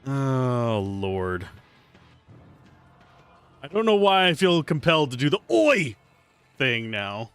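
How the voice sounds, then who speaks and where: Lively bright-voiced male streamer. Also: medium pitch, slow, long pauses, clear, resonant tone, soft background music. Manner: chatty, playful, thinks aloud. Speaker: streamer playing a video game. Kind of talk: casual livestream commentary.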